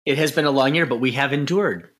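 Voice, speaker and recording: A man's voice: medium pitch, quick pace. A man co-hosting a casual sports podcast, joking and getting worked up as he answers listener questions. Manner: animated, joking, worked-up rants. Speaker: podcast co-host.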